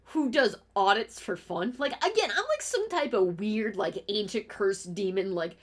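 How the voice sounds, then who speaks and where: A woman's voice: mid-range voice, expressive, moderate pace. A woman streamer in a casual, profane rant, heated and exasperated, firing off complaints with restarts. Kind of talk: casual ranting commentary.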